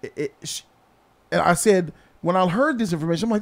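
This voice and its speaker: Blunt high-voiced man lecturing. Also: fairly quick, creaky. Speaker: vlog host. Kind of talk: casual street commentary. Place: outdoors in a city.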